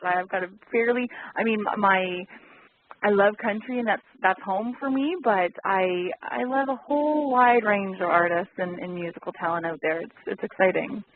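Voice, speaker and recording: A young woman from Canada, a singer, being interviewed in a friendly, modest, halting way. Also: mid-range voice. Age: young adult. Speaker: singer and actor, interview guest. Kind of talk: casual chat. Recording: tinny phone line.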